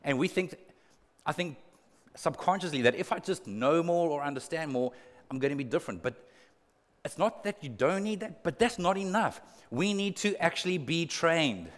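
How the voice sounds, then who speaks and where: A man's voice: a little high, lively intonation, moderate pace, long reverb tail. A male pastor preaching a sermon in an earnest way, repeating words for emphasis and adding humorous asides. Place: church auditorium.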